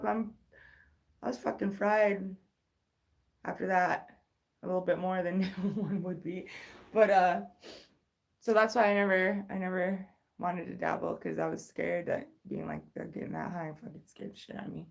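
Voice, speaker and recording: Gravelly, rambling woman storyteller. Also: mid-range voice. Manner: candid, rambling, profane, with frequent restarts. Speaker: livestream host. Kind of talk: casual storytelling livestream.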